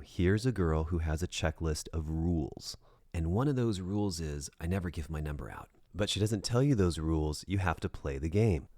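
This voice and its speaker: A man's voice: sits low, warm tone, dry recording, clean studio sound. A man working as a dating coach, giving advice in a direct, conversational monologue and checking in with the listener.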